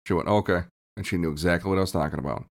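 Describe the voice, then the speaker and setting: Man podcast co-host, very deep voice, animated storyteller who swears casually. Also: very fast. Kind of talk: casual comedic chat.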